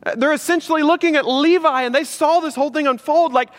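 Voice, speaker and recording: A male pastor preaching a sermon, lively and emphatic, asking rhetorical questions and dropping low and earnest for serious points. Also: fast, hardly any pauses. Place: church sanctuary. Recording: long hall reverb in a church.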